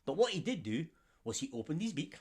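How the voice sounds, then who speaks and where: A Scottish man with a husky, fairly high voice tells a story to children, very animated and fairly quick. He's theatrical and invites the young listeners to join in.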